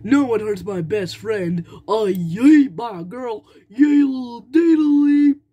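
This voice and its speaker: A young narrator voicing an excitable toy animatronic bunny in a playful, shouty way. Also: medium pitch, slow pace, breathy edge, pitched above the performer's own voice. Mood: excited.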